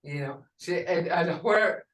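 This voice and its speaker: Slow, patient older woman teaching. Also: lowish voice, a bit bright. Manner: slow, patient, repeats words for learners. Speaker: language teacher. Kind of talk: language class teaching. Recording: roomy and distant from the mic.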